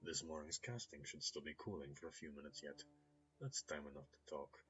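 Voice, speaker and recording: A man voicing a cultured, polite Russian rigger, speaking softly, courteously and in a measured way. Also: very deep voice, faint music behind. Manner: soft-spoken, measured and courteous. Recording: slightly dull lo-fi recording.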